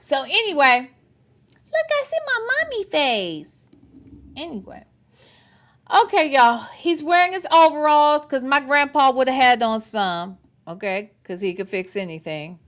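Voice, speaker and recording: A woman's voice: high-pitched, unhurried, long pauses. A woman in her forties giving casual, chatty commentary and talking straight to her viewers. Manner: chatty, animated, talks to the chat directly. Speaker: commentary streamer.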